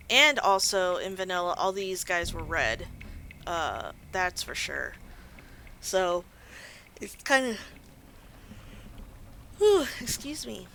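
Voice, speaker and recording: A woman's voice: fairly low pitch, gravelly, sharp tone, slight background noise, rough recording. A tired woman casually chatting as she plays a game, rambling and poking fun at her own slips. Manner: rambling, self-deprecating, sleepy. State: tired, yawning. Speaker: let's play host. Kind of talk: relaxed gameplay commentary.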